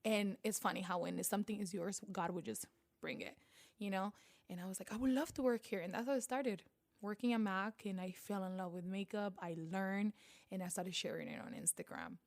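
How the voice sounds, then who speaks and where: A woman from Panama with a Panamanian Spanish accent, a guest telling her story in a casual interview, animated and acting out the voices of people she quotes. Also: mid-range voice, fairly quick. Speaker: guest, beauty vlogger.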